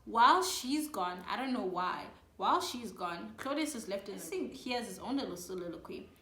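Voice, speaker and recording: A woman's voice: medium pitch, expressive, sharp tone. Playful slangy woman, echoey room. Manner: playful, slangy, acts out characters in quick asides. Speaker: channel host. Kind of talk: comedic casual plot summary.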